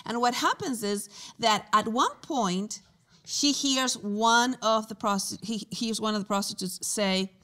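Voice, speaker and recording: Woman co-host, lively storyteller in casual chat, fairly high voice, laughs a lot and often restarts her sentences. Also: measured pace. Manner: animated, acts out quoted voices.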